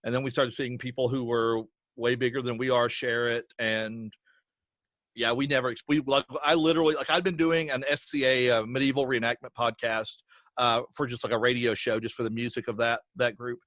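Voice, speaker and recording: A man chatting as a guest on a podcast, telling stories in an animated, rambling, self-deprecating way. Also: medium pitch, a little fast, no room sound, studio quality. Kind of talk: casual interview chat.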